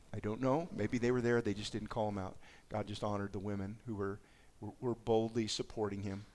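A man preaching a sermon, reading scripture aloud and reflecting on it in a conversational way. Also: fairly low pitch. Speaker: pastor.

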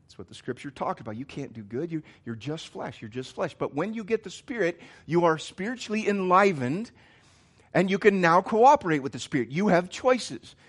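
A man preaching a sermon as a pastor, earnest, swinging from emphatic lines to hushed, quiet ones. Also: high voice, animated, normal speed.

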